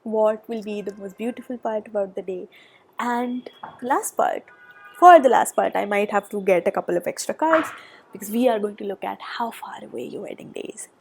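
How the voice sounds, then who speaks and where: A woman doing a pick-a-pile tarot reading, chatty and thinking aloud, with soft murmured asides and a nasal voice from a cold. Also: mid-range voice, fairly quick. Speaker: tarot reader. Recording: background noise.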